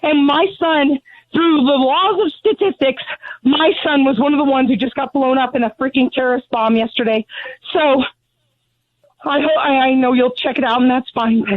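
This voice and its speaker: A woman's voice: sits high, moderate pace, dry recording. A middle-aged woman calling in as a grieving mother, talking in an angry, blunt, ranting way. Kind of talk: phone interview. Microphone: telephone. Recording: tinny phone line, dry.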